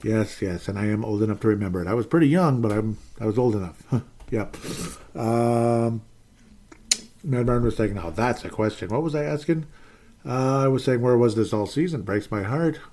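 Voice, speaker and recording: Rambling exasperated sports fan host. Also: male voice, mid-range voice, normal speed, warm tone. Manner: rambling, self-deprecating, exasperated, trails into muttered asides. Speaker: podcast host reading chat comments. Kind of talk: casual live-stream sports rant.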